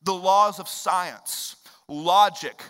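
A man in his thirties preaching a sermon in a church, swinging from loud emphatic bursts to low hushed lines. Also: extremely slow, clean tone, long reverb tail. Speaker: pastor. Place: church sanctuary.

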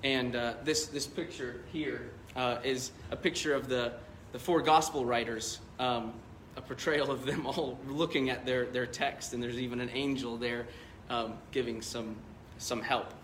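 Bright-voiced pastor preaching in a roomy church. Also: male voice, mid-range voice, steady tone, a little slow, few pauses, a little hiss or hum. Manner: conversational, rambling storytelling with fillers. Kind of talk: sermon.

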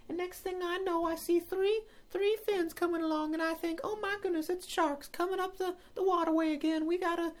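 A man voicing a chatty woman interviewed on the news at her home, in a high falsetto with folksy, rambling storytelling. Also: fairly bright tone.

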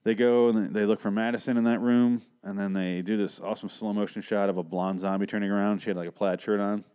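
A man's voice: lowish voice, level tone, quick pace, warm tone, clean tone. Rambling, profane man recapping an episode. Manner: rambling, profane, argumentative asides. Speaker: podcast host.

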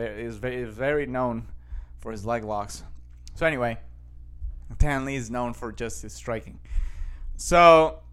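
A man's voice: medium pitch, a bit bright, clear, resonant tone. A man hosting a casual show, rambling through news headlines with lots of fillers and restarts.

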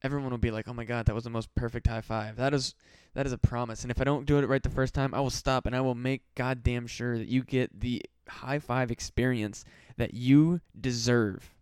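A man's voice: mid-range voice, steady tone, moderate pace, hardly any pauses, darkish tone, clear, resonant tone, no echo. Rambling, swearing male podcast host. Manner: rambling, swears a lot, mock-desperate pleading. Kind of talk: casual solo podcast rant.

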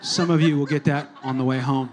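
A male pastor giving a casual, conversational sermon in a church, moving between hushed prayer and animated storytelling. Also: medium pitch, brisk, noisy background.

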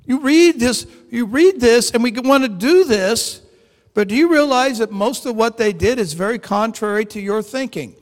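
Very high-voiced preacher in a reverberant hall. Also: male voice, moderate pace. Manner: animated, acts out dialogue in stories. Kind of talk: storytelling sermon.

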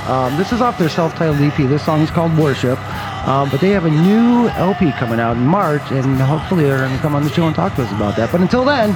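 A man's voice: fairly high pitch, very animated, fast, music in the background, low-quality recording. A man hosting a show, laid-back and slangy as he introduces a band. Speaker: show host. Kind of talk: casual chat.

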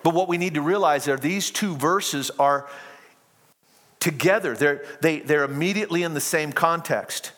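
A man preaching a sermon, his fairly high voice carrying with a long reverb that trails after each phrase. He reads scripture aloud, climbs to impassioned cries and then sinks back to a low, quiet delivery. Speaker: pastor.

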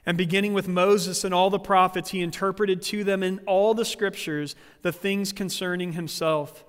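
Animated male pastor preaching in a hall. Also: high-pitched, normal speed, clean tone. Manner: animated, acts out quoted voices. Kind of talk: sermon. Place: church sanctuary.

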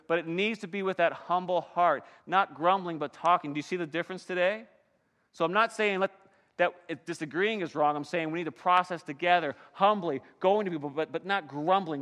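A man preaching a sermon in a church sanctuary, his delivery swinging between quiet, reflective stretches and loud, emphatic ones. His voice sits high and bright. A long reverb trails after his words. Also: a little fast. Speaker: pastor.

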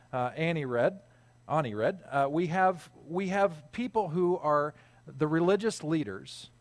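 A man's voice: on the high side, no room sound. A middle-aged pastor delivers his sermon like a friendly chat, slipping in self-deprecating asides and plenty of small hesitations. His voice sits a little above the usual for a man. The sound is dry and close, with almost no room around it. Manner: conversational, self-deprecating, frequent uh fillers. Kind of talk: sermon with personal storytelling.

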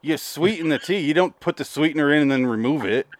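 A man's voice: a little high, fast, dry recording. A man co-hosting a casual comedy podcast, rambling and swearing as he retells a story. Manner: rambling, profane, retells scenes in put-on voices. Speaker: podcast co-host.

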